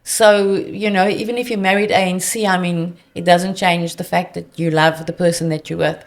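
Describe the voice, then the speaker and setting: South african lady telling client stories, lowish voice, lots of fry. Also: normal speed. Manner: earnest, animated client anecdotes. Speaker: debt counsellor guest. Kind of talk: conversational storytelling.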